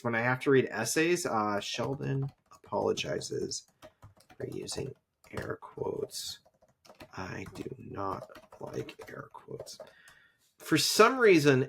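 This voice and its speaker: Guy on a chatty podcast, bright clear voice, lots of ums and restarts, rambly. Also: medium pitch. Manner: rambling, many fillers and restarts, laughs often. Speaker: podcast co-host; teacher who grades essays. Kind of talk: casual rewatch podcast chat.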